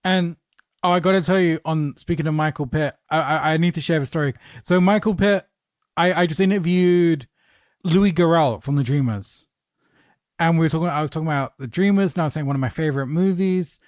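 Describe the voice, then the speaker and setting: A podcast host tells stories in a casual, animated way and swears freely. His voice sits a bit above the usual pitch for a man. The sound is close and dry, with no room echo. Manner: animated anecdote teller, swearing, quick asides. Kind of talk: casual podcast chat, storytelling.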